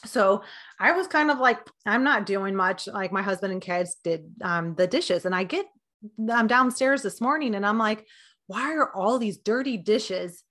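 A woman's voice: medium pitch, expressive, moderate pace, a bit bright. A woman in her thirties, a dietitian, giving casual health advice in a chatty way, with lots of fillers and acted-out quotes.

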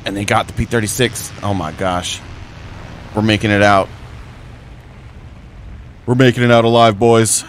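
A young man talks over his own gameplay, mostly in a lowish, muttered play-by-play. He breaks into high, jokey yelps whenever the fight turns bad. A faint hum of game engines sits under his voice. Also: normal speed, long pauses. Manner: excitable, jokey, yelps high when in trouble. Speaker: gaming streamer. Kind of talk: gameplay commentary.

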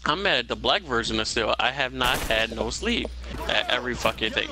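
A man's voice: mid-range voice, sing-song, normal speed, noisy background. A young man giving live gameplay commentary, ranting and swearing in exasperation at his teammate. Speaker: gamer.

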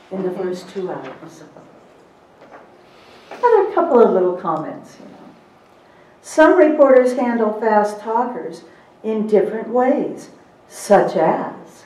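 A middle-aged woman presenting a live seminar to court reporters, emphatic and lively, with teasing asides. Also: on the high side, slow, long pauses. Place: seminar room. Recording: roomy echo, recorded from a distance.

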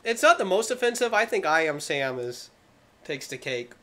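Higher-voiced man, hesitant and chuckling. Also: sing-song, moderate pace, a bit bright. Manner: hesitant, restarts often, laughs easily. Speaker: podcast co-host. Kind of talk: casual movie-review chat.

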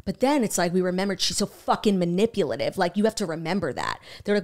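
A young woman retells a story on a casual podcast. She is animated and loose, swearing freely and filling her sentences with "like". Her voice sits at an ordinary middle pitch. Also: quick pace, hardly any pauses. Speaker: podcast co-host. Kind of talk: casual chat.

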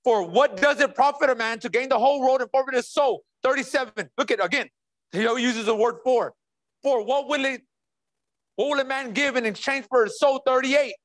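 A high-pitched male pastor, preaching emphatically. He hammers home key phrases, repeating them and calling out to the congregation as he walks them through scripture. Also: normal speed, a bit bright. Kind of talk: sermon.

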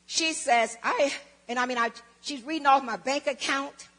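A Southern US woman gives a testimony in a church sanctuary, dramatically acting out both sides of conversations. Her high-pitched, fairly bright voice moves at a moderate pace, and the hall adds a long reverb.

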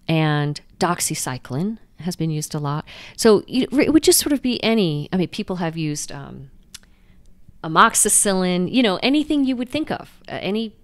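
A woman doctor answering interview questions in a lively, explanatory way, often restarting sentences. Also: low-pitched, clear, resonant tone, no room sound. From United States. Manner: lively, explanatory, frequent restarts and "you know". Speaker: guest doctor.

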